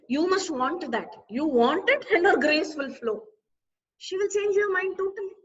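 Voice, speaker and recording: A woman, a spiritual teacher, giving an expressive discourse full of rhetorical questions to her listeners. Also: high-pitched. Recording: distant, slightly dull recording.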